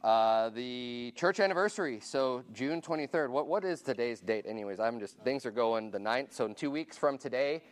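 A man's voice: mid-range voice, animated, normal speed, hardly any pauses. A man pastor giving casual church announcements to his congregation, informal and chatty, asking the room questions and counting raised hands.

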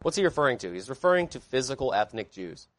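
A pastor delivering a sermon to his congregation in an emphatic preaching manner, posing rhetorical questions and swinging between loud declarations and quiet asides. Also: mid-range voice, big pitch swings, quick pace, dry recording.

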